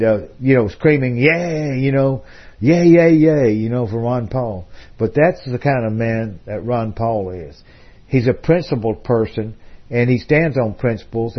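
A man's voice: mid-range voice, dull audio. A man hosting a talk radio program, telling a long story in a discursive way with frequent fillers and restarts. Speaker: radio host.

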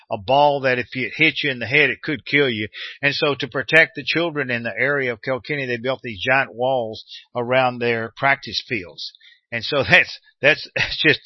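Rambling American radio host, dull sound. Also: male voice, mid-range voice, dry recording. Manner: rambling, many restarts and fillers. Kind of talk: casual radio talk.

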